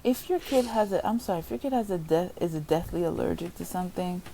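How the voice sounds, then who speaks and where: A woman's voice: on the low side, animated, fast, gravelly, mellow, rough recording. A woman co-hosting a podcast in casual chat, chiming in with short incredulous questions. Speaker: podcast co-host.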